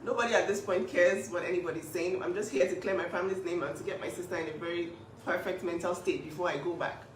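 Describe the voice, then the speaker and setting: A woman's voice: on the low side, fairly even intonation, quick pace. A woman from Nigeria speaking up for her younger sister, emphatic and indignant. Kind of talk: emotional on-camera statement. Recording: echoey room, voice at a distance, faint hiss.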